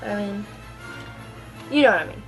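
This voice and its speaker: A woman's voice: medium pitch, expressive, moderate pace, poor audio. Casting: teen girl vlogger, chatty and rambling, webcam mic, faint music under. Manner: gushing, rambling with many ums and likes. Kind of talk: casual chat. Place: at home in front of a computer.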